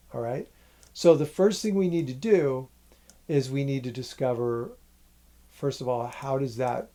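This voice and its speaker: A man teaching a music lesson, patiently explaining a rhythm and counting its syllables out loud. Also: medium pitch.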